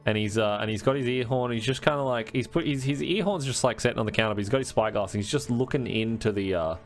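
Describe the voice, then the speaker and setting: A man with a medium-pitched voice speaks quickly over soft background music. He's the game master of a tabletop game, rambling through his narration with lots of fillers and restarts.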